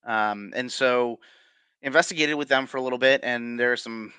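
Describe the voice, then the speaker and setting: A man's voice: medium pitch, normal speed, pushed and bright, clear, resonant tone, no room sound. A man being interviewed as a paranormal investigator, telling his stories casually with many fillers, restarts and chuckles.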